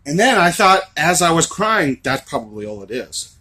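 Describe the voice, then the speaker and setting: A young man with a raspy voice, talking earnestly and rambling to camera in a confessional vlog. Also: on the high side, big pitch swings, moderate pace. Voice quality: raspy from screaming. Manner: earnest, rambling, swings from shouting to laughing to soft musing. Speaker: vlogger.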